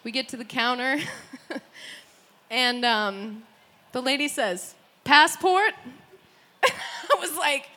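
Woman, young adult, high voice, bright tone, casual storytelling, laughing, swearing. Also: slow pace, pauses often. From United States. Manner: animated, laughing often, swearing, acting out quotes.

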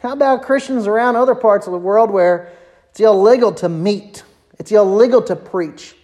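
A woman pastor speaks at normal speed in a conversational sermon. She poses rhetorical questions and, for emphasis, lets her voice drop low and quiet.

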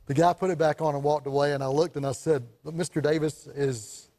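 Need a lively, slightly higher-voiced man co-hosting a film chat show, chatty storyteller who laughs a lot. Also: quick pace. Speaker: co-host, film reviewer. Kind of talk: casual chat about movies.

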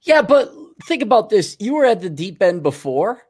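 Podcast host guy, super animated pitch, lots of uh and like, just chatting. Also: moderate pace. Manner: animated, many fillers and restarts. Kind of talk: casual chat.

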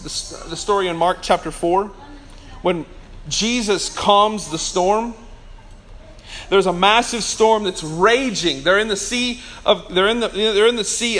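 Animated high-voiced male pastor preaching. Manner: animated storytelling, acts out voices of Jesus and fish; casual, conversational with restarts. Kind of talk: sermon.

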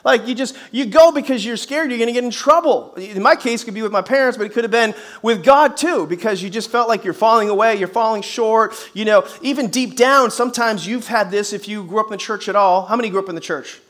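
A middle-aged man preaching a sermon to a church congregation. He is energetic and emphatic, mixes in folksy humor and rhetorical questions, and rises to shouts on key phrases. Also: sits high, quick pace, few pauses. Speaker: pastor. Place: church service before a congregation.

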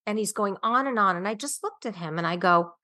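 A woman's voice: mid-range voice, lively intonation, brisk, bright, forceful tone. A woman nutritionist speaking earnestly as a podcast guest, emphatic and dotted with "um" fillers. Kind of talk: podcast interview.

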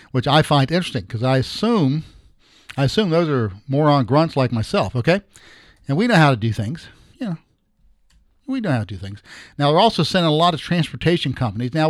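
A middle-aged man giving casual political commentary as a podcast host, rambling and halting with many restarts, blunt and sarcastic. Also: medium pitch, no room sound, studio quality.

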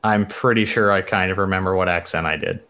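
A man narrating as game master of a tabletop role-playing session in a relaxed, easygoing way. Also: deep voice, brisk.

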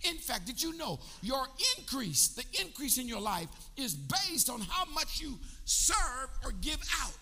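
This older pastor's voice is very high-pitched, with big pitch swings, a creaky, pushed and bright quality, and few pauses at a measured pace. He preaches in a church sanctuary with call-and-response, urging the congregation to answer back. Soft background music and long church hall reverb fill the recording.

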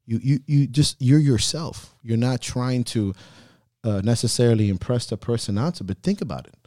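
Man, podcast host, casual talk, heartfelt, swears a lot, mellow voice, dry sound. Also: medium pitch, normal speed, no echo. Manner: profane, heartfelt storytelling.

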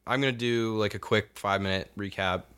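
A young man with a bright, forward voice sits on the lower side in pitch while telling a rambling, profane story. His talk is loose and casual, thick with "like" and fillers, the relaxed tone of a podcast co-host. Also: a little fast, smooth. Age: young adult. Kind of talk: casual chat.

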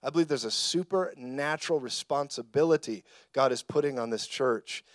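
A man preaching a sermon in a conversational, storytelling way, now and then rising to shouted emphasis. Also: medium pitch, normal speed, dry recording, studio quality.

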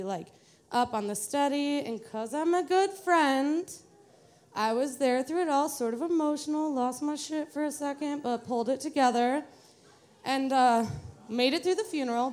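A woman's voice: high-pitched, a little mellow. Chatty, self-mocking woman storyteller. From Metro Detroit, USA. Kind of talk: live storytelling for an audience.

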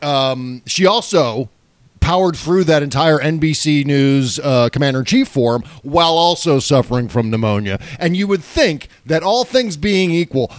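Co-host, man, raised pitch, dry close sound, animated and mocking. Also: dry recording. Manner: animated, mocking, quick agreement. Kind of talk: casual political chat.

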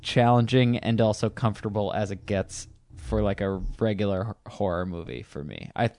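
A man's voice: on the low side, moderate pace, darkish tone. A man chatting casually about a movie, telling a rambling, profane personal story full of fillers and restarts. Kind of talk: casual chat.

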